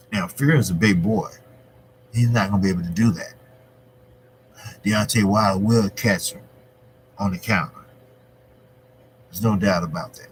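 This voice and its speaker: A man hosting his own boxing channel, talking through a fight in a rambling, conversational way that grows animated when he argues a point. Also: lowish voice, a little hiss or hum, poor audio. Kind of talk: casual boxing commentary.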